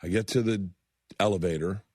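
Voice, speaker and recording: A man in his fifties, a comedian telling animated stories on a radio show and acting out the other people in them. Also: deep voice, fairly quick, husky, no room sound, studio quality. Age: 50s. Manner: animated storyteller, acts out voices and laughs a lot. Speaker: guest comedian. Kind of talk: storytelling in casual chat. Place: radio studio.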